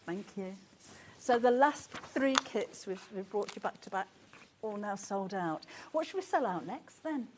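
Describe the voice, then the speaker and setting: A woman presenting a live shopping channel, chatty and excitable, often gasping and laughing as she talks. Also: medium pitch, measured pace, slight background noise. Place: TV studio.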